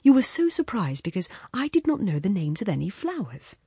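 A woman's voice: medium pitch, very animated, a little fast, warm tone, husky, no room sound, studio quality, full character voice. A woman reading the lines of a wistful, self-assured man in an audiobook story, reminiscing and lightly boastful.

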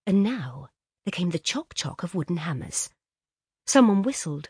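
A woman narrating a classic short story in an expressive, lilting way. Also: on the low side, normal speed, slightly rough, dry recording, studio quality. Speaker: audiobook narrator. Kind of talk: scripted narration.

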